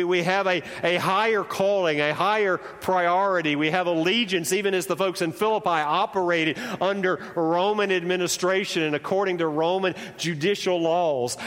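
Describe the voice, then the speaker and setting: Man, pastor, slight Southern drawl, animated conversational sermon, reverberant church hall. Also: mid-range voice. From United States. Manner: conversational, animated preaching that swings up and down.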